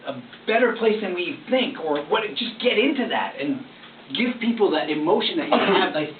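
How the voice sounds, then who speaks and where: A man coaching a performer, talking in an animated, candid way and telling personal stories. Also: high-pitched, normal speed, slight background noise. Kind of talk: coaching session. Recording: distant echoey room, phone-like tinny sound.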